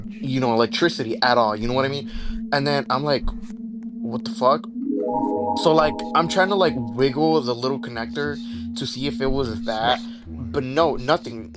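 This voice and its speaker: A young man hosting a gaming channel, telling a rambling story over horror gameplay, full of fillers and swearing, breaking off to react to the game. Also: mid-range voice. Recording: noisy recording with steady background noise.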